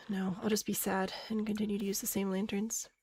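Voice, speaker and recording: A woman's voice: medium pitch, flat delivery, moderate pace, darkish tone, breathy edge, no room sound. A woman streaming a game, chatting casually, thinking aloud and answering chat with self-mocking laughs. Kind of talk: casual live-stream chat while playing.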